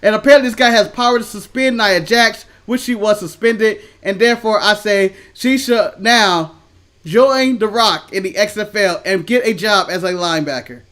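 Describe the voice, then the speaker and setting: A man's voice: high voice, normal speed, a bit bright. A man co-hosting a casual chat show, laid-back and opinionated, rambling through his takes. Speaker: co-host.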